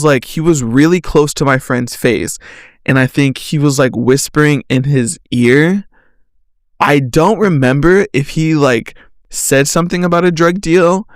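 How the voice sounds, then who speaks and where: A man's voice: fairly high pitch, no echo, clean studio sound. A young man hosting a solo podcast, rambling casually through a story with lots of slang and "like" fillers, often laughing at himself. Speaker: podcast host.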